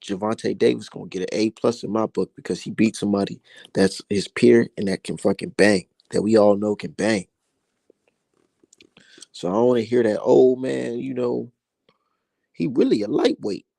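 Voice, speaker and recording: A young man holds forth on boxing in a loose, heated monologue, swearing freely and pitching up when riled. His voice carries a gravelly rasp, and the recording is dry and close with no room sound. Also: steady tone, moderate pace, a little mellow, dry recording. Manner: profane, heated ranting that climbs high when worked up. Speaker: boxing commentary host. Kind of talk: casual boxing commentary monologue.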